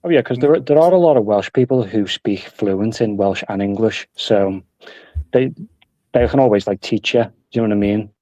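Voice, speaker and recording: A relaxed man chatting as a stream guest. His voice sits low and sounds dark and mellow. It is recorded dry and close. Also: normal speed, dry recording, muffled recording. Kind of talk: casual chat.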